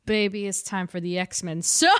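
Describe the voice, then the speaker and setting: A woman's voice: medium pitch, very animated, takes it slowly, a bit bright. A woman co-hosting a casual pop-culture podcast, bubbly and gushing, laughing often as she talks. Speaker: podcast co-host.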